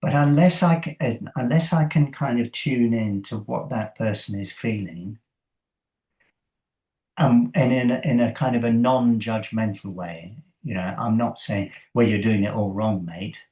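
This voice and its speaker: A man, a coach and interview guest, talking thoughtfully in a halting way with many fillers and soft laughs. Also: medium pitch, rough recording. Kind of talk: conversational interview.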